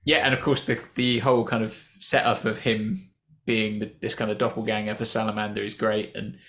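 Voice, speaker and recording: A man's voice: lowish voice, little pitch movement, brisk, a bit bright. Chatty man co-hosting a reaction show. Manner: chatty, chuckling often, trails off and restarts. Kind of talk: casual reaction chat.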